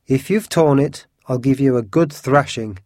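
A man voicing a vain male musketeer who booms and blusters. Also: normal speed, a little mellow, no room sound, clean studio sound, lightly acted. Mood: angry. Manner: booming and blustering, drawn out.

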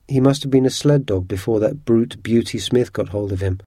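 A man's voice: medium pitch, fairly quick, mellow, no echo, clean studio sound, close to an everyday voice. A man reading the part of an earnest, cautious but kind-hearted man in a story.

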